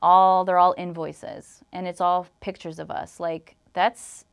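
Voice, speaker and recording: This young Illinois woman's voice sits fairly low, with a level, smooth, creaky tone and a slow delivery. Guesting on an interview, she tells an emotional story from her life in a rambling way, full of "like"s, performing the quoted exchanges.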